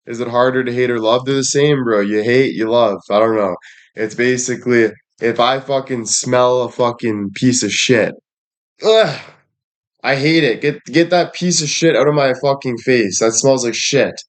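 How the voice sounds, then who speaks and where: A man's voice: mid-range voice, normal speed. Blunt swearing young man ranting. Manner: blunt, repetitive, heavy swearing. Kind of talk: profane rant to viewers.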